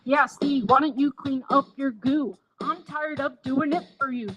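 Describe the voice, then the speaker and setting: A woman's voice: high-pitched, steady tone, measured pace, muffled recording. A woman live streamer in casual chat, reading her viewers' comments aloud and answering them. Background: music playing.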